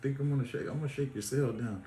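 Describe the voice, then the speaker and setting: A man mimicking a shrill female prison guard. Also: fast talker, echoey room, faint music behind, lightly acted. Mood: barking orders. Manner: shouting orders.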